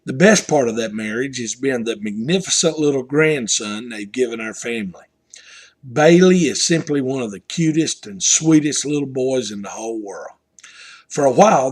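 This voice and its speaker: An older man with a Southern US accent, telling a family story and drawing a devotional lesson from it in an earnest, homespun way. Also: mid-range voice. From Southern United States. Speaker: pastor. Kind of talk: devotional message.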